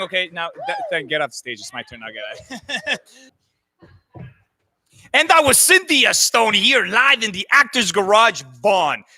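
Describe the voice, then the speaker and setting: Man, show host, upbeat sign-off, very bright tone. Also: sits high, no room sound. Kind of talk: live show hosting.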